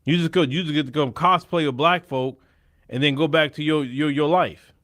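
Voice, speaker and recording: A man's voice: fairly high pitch, fairly even intonation, moderate pace, a bit bright. A man hosting a show of casual political commentary, blunt and opinionated, often restarting his sentences. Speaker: host.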